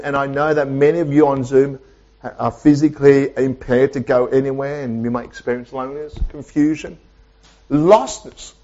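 A male pastor delivering a sermon in a church, preaching emphatically with repetition and dramatic pauses. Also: fairly high pitch, a little mellow, highs cut off. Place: church with online Zoom audience.

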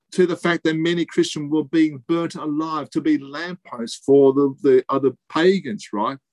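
A man preaching a sermon, emphatic, repeating key phrases and pausing for effect. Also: a little high, no room sound.

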